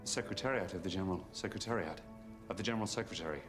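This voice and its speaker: A man's voice: sits low, racing, music in the background, lightly acted. An actor playing a flustered male radio station director who trips over his words.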